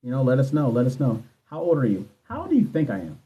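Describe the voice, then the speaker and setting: A man's voice: medium pitch, wildly swooping pitch, fast, muffled recording. A man in his thirties, a nursing exam coach, chatting casually and profanely on a livestream while answering viewer questions. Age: 30s. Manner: candid, profane, talks straight to viewers. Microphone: phone livestream.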